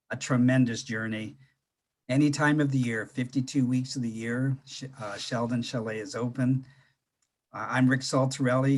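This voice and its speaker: A man hosting an interview, friendly and deliberate as he talks. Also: medium pitch. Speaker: host.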